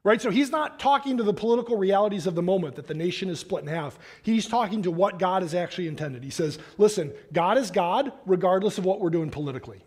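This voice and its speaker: A pastor with a high-pitched voice reads scripture and then preaches in a loose, animated, conversational manner. He talks to the congregation like a friend, with quick casual asides. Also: slightly rough. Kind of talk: sermon.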